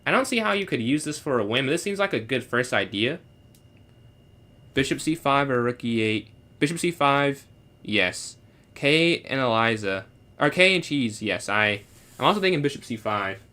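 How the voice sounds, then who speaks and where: Giovane uomo luminoso che commenta scacchi in diretta. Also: male voice, medium pitch, expressive, pushed and bright. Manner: thinks aloud, answers chat questions, switches into halting beginner French. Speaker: chess streamer solving puzzles with chat. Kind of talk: casual live-stream commentary.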